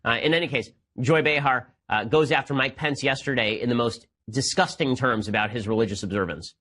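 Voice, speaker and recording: A man from the United States hosts a political commentary show. He talks very quickly at a middle pitch and is combative throughout, with sarcastic, mocking asides. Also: sharp tone, slight background noise.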